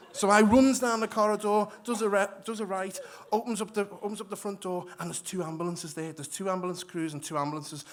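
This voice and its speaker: A man telling a story on stage to a live audience, animated, acting out voices and often restarting his sentences. He has moved to Australia from elsewhere. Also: high-pitched. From migrated to Australia. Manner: animated, acts out quoted voices, frequent restarts. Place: stage in a hall before an audience.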